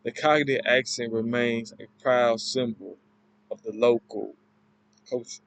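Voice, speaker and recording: Slow, halting man giving a class presentation. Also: mid-range voice, steady tone, creaky, poor audio. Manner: halting, loosely worded explaining. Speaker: student presenter.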